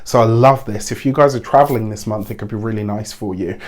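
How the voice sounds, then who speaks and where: A man giving a casual tarot reading, chatty and encouraging with frequent restarts, while under the weather and a little hoarse. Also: lowish voice, quick pace. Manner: chatty, warm-hearted encouragement with many fillers and restarts. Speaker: tarot reader.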